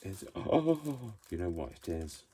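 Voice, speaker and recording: Deep-voiced rambling man crafting. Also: a little slow, darkish tone, slight background noise. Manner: rambling, self-mocking, talks to himself while working. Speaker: craft vlogger. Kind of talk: chatty crafting vlog. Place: craft room at home.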